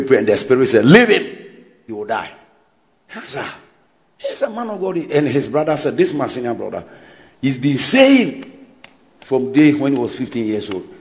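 A man preaching a sermon in an animated way, shouting and mocking people's voices. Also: mid-range voice.

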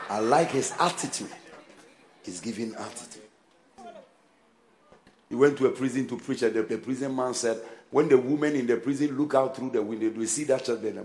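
A man's voice: mid-range voice, warm tone. A man preaching a sermon as pastor, emphatic, with call-and-response and repeated phrases.

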